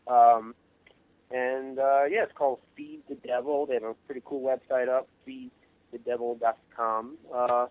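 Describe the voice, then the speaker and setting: A man from Long Island, New York calls in to a radio interview as a guest filmmaker, his voice thin and tinny down a phone line. His talk is modest and rambling, full of halting restarts. The sound is dry and close. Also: medium pitch, flat delivery, no room sound. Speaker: guest, actor and director.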